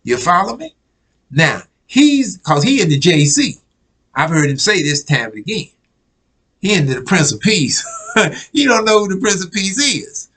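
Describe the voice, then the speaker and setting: A man's voice: sits high, very animated, normal speed, fairly bright tone, breathy edge, poor audio. A man preaching a casual sermon, reading news clippings aloud and often asking if listeners follow him. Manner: conversational, keeps asking "you follow me?"; repeats himself, restarts words.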